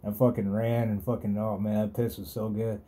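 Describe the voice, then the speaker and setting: A man's voice: lowish voice, level tone, normal speed, mellow. A man hosting a podcast, telling a rambling, profane story in a laid-back, casual way. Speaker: podcast host.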